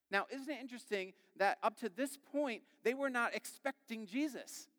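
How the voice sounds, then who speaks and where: A man in his thirties preaching a sermon in a relaxed, conversational way, acting out quick quoted voices as he tells stories. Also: sits high. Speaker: pastor. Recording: long reverb of a large hall.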